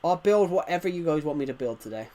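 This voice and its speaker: A man's voice: fairly high pitch, lively intonation, fast, mellow. A man in his twenties with a thick rural British accent, chatting casually and rambling to his chat as a game streamer. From United Kingdom. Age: 20s.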